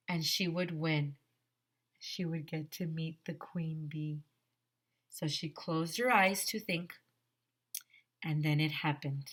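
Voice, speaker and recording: A woman teacher reading a picture book aloud to young children, expressive and stopping to ask the class questions. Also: sits low, slow pace, pauses often, husky.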